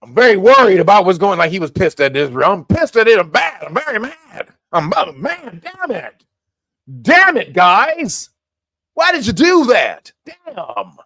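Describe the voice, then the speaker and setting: A man's voice: on the high side, animated, fairly quick, fairly bright tone, no room sound, clean studio sound. A man mocking a whiny, fake-scolding older president. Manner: mock-scolding, childish repetition. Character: whiny older male president faking anger at an ally.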